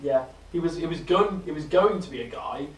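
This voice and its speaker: A man's voice: on the high side, lively intonation, fairly quick. A man in casual chat who firmly insists he is right. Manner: insistent, argues his point. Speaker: podcast co-host. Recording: roomy, far from the mic.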